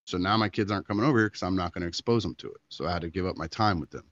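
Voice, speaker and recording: Deep-voiced man telling a story. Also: racing, no room sound, muffled recording. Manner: animated storyteller, acting out quotes. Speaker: podcast co-host. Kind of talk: casual chat.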